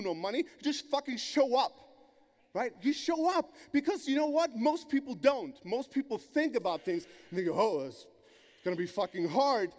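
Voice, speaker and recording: A high-voiced man with a German accent tells stories from a conference stage with blunt, swearing energy. His voice rings out through a large hall with a long reverb tail. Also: darkish tone. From Greece. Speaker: conference speaker. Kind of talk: keynote storytelling.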